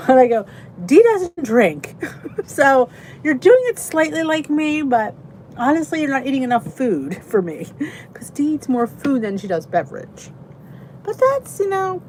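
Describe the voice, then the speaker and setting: A sleepy, talkative woman hosts a casual stream from beside a heater in her basement, yawning while she laughs often and greets viewers by name. Her mid-range voice is a little mellow, and a faint hiss or hum runs underneath.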